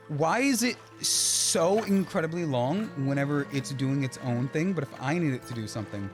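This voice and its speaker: Game music plays as a man streams a platform game from home, his fairly high, expressive voice moving at a moderate pace with hardly any pauses. Growing frustrated, he mutters to himself and begs the game in live commentary.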